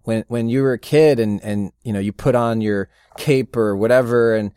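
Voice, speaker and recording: A middle-aged man, a voice actor, chatting casually as an interview guest and telling rambling, animated stories with frequent laughs. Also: medium pitch, moderate pace, clear, resonant tone, no echo, clean studio sound. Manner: rambling, animated storyteller who laughs often. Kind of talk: casual anecdotal chat.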